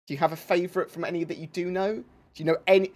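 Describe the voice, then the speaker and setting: A man's voice: high-pitched, fairly even intonation, rapid-fire. Rambling man hosting a livestream. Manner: rambling, self-interrupting, chaotic. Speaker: livestream host. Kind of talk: casual livestream chat.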